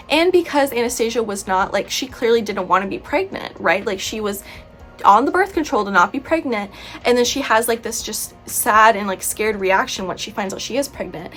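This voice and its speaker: Chatty, exasperated woman reviewing books. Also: on the high side. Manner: exasperated, chatty, heavy use of "like". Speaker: book reviewer. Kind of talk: casual book review vlog.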